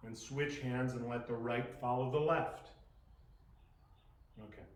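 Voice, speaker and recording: A man's voice: medium pitch, fairly even intonation, a little slow. A man instructing a beginner poi class, thinking aloud as he demonstrates and correcting himself as he goes. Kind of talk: live class teaching. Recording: roomy echoing sound.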